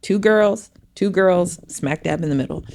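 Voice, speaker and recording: A middle-aged woman with a low, gravelly voice chats casually on a podcast. She tells family stories with animation and acts out the lines of each person in them. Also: a little slow, a little mellow, a little hiss or hum. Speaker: podcast co-host. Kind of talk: casual chat.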